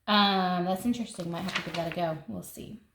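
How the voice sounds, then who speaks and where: A woman's voice: on the low side, fairly even intonation, a little fast. A woman, chatting enthusiastically as she flips through a seed catalog for her gardening vlog and thinking aloud as she goes. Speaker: gardening vlogger. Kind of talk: casual catalog flip-through. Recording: echoey room with faint noise.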